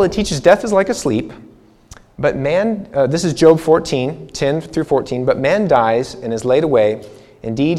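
A man's voice: on the high side, a little mellow. A man leading a Bible seminar, preaching in a casual, conversational way with frequent repetitions and restarts. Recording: long reverb hall.

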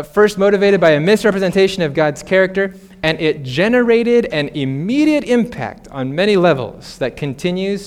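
A man delivers a sermon in a bright, high-pitched voice. He talks in an animated way, drifting into playful asides and short laughs. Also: smooth. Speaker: pastor.

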